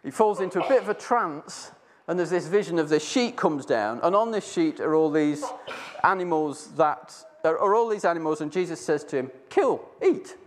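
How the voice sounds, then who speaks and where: A man whose voice sits on the high side speaks at a moderate pace, telling a Bible story in a casual way while sharing a reflection. He restarts often and rambles, acting out the quotes in different voices.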